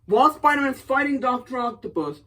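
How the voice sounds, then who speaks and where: High-voiced man excitedly recapping a comic. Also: a little fast, recorded from a distance. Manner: excited storytelling, swearing freely. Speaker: podcast host recapping a comic. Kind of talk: casual chat.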